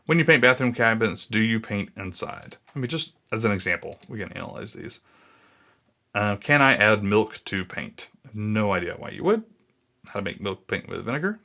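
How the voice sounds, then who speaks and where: A man in his thirties with a lowish voice talks through a screen recording, thinking aloud and drifting off track. Keyboard typing clicks behind him. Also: vocal fry, bright, forceful tone. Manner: thinking aloud, easily sidetracked, muttering. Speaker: blogging YouTuber. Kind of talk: casual screen-recording walkthrough.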